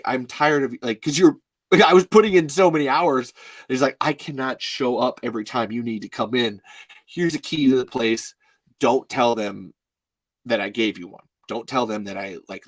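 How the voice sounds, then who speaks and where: A man in his thirties hosts a live stream and tells a long story in a loose, rambling way, full of "like" and easy swearing. He breaks into laughter often. His voice sits at an ordinary middle pitch and sounds dry and close, with no room echo. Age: 30s. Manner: rambling and laughing, heavy use of "like", swears freely. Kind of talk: casual storytelling to a live chat.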